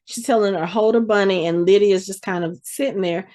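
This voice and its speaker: Woman, podcast host, casual recap, acts out quoted lines, medium pitch. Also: a little fast. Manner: animated retelling, acting out quoted lines.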